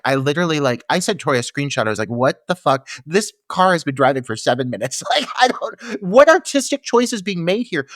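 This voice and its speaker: A man's voice: medium pitch, fairly bright tone, no echo. A man co-hosting a horror film podcast, ranting in casual, profane chat. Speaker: podcast co-host.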